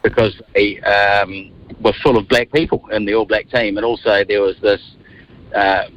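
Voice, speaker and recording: A New Zealand man around fifty, a radio guest telling lively stories from a moving car. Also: on the low side, normal speed, muffled recording, slight background noise. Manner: animated storyteller, acts out quotes. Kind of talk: casual radio interview.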